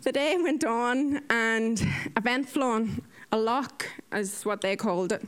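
A woman recounts her day as a nurse, her voice sitting a touch high. She tells it casually, acting out the lines she quotes from other people. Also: slow, clean tone. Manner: lively, animated retelling with acted-out quotes. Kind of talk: casual storytelling.

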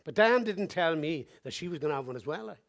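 Animated preacher telling a story. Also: male voice, on the high side, fast, vocal fry. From Wales. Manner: animated, swinging between loud exclamations and hushed asides. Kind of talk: sermon storytelling.

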